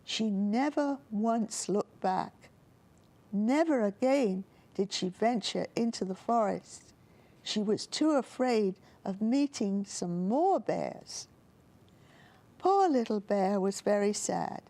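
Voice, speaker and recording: A woman reads a children's story aloud, gentle and expressive in a storytelling style. Her voice is mid-range and she takes it slowly.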